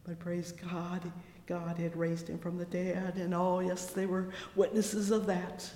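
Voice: medium pitch, monotone, measured pace, warm tone. A preacher delivering a fervent, exclamatory sermon, breaking in again and again with cries of praise. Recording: echoey hall with long reverb.

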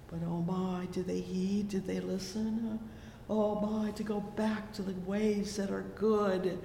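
Slow fervent preacher in an echoey hall. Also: male voice, flat delivery, vocal fry, dark tone. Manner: slow, fervent, punctuated with "oh yes" and "oh my". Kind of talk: sermon. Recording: echoey hall with low rumble.

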